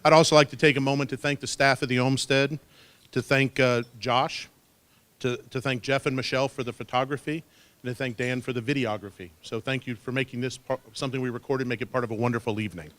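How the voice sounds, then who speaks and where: A man's voice: medium pitch, fairly even intonation, fast talker, fairly bright tone. Folksy father of the bride toasting. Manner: folksy, keeps tagging lines with "okay?". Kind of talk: wedding toast speech. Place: wedding reception hall. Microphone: handheld microphone.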